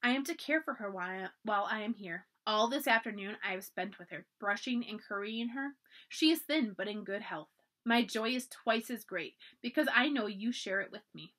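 A woman reading a children's storybook aloud for a library, with expressive, animated narration. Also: medium pitch, moderate pace.

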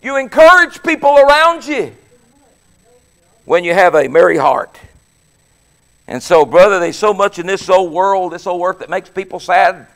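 A preacher man with a high, ringing voice that leaps up and down as he preaches. He talks with exuberant energy, mixing shouted praise and laughter into his sermon. The pitch swings widely from line to line. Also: lively intonation, moderate pace, long pauses. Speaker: pastor.

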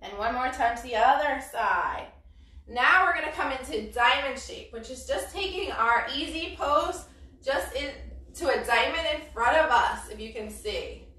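A woman's voice: high voice, animated, normal speed, bright, forceful tone. A woman from Brooklyn teaching a parent-and-toddler yoga class, with cheerful, encouraging, sing-song cues. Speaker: yoga instructor. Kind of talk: live-streamed kids' yoga class. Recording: roomy echo, mic at a distance.

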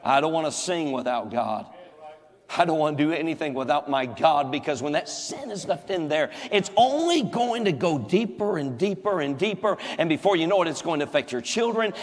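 A pastor preaching a sermon, folksy and joking, with emphatic repetition. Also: male voice, a little high. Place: large church hall. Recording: echoey church hall.

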